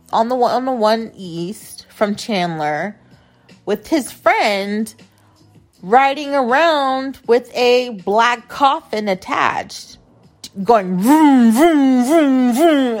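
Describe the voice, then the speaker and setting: Slow-talking indignant woman ranting. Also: medium pitch. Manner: profane, indignant, gossipy; heavy use of filler "like". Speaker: podcast host. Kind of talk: casual storytelling rant.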